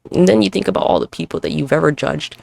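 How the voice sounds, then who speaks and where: Gravelly rambling woman podcaster. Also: low-pitched, quick pace, a little mellow, no room sound. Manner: rambling, profane, self-reflective, jumps between topics; moving around while talking. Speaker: podcast host. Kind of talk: solo podcast monologue. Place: at home with neighbors nearby.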